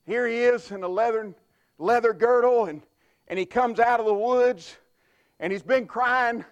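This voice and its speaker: A man's voice: extremely high pitch, a little slow, lo-fi sound. A man preaching a sermon as pastor, folksy and emphatic with frequent restarts.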